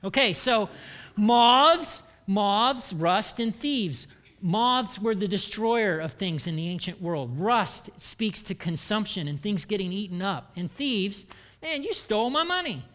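High-voiced man preaching with humor. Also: a little slow. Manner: humorous, animated, self-deprecating asides. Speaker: pastor. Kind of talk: sermon. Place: church.

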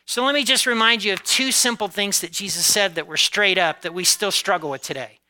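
Bright-voiced pastor preaching. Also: male voice, sits high, clean tone, poor audio. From United States. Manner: conversational preaching with frequent "okay?" and "right?" check-ins; occasional laughs, varies pace from drawn-out emphasis to quick asides. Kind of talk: sermon.

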